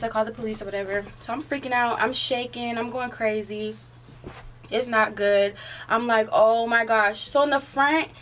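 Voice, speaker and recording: A woman's voice: on the high side, fairly bright tone, slight background noise. An eighteen-year-old woman telling a story in a casual, rambling way, filling it with "like" and "um". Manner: rambling, filler-heavy, often says "like". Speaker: vlogger.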